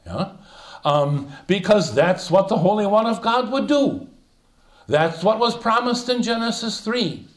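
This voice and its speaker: A man's voice: high-pitched, animated, a little slow. An older man leading an informal Bible study, thinking aloud with many fillers and restarts as he explains a passage. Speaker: Bible teacher.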